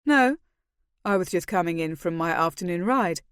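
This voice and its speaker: A woman's voice: lowish voice, expressive, moderate pace, a bit bright, clean tone, dry recording, studio quality. A woman narrating an audiobook, voicing a wry, self-mocking young male nobleman. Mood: defensive. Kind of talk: audiobook character reading.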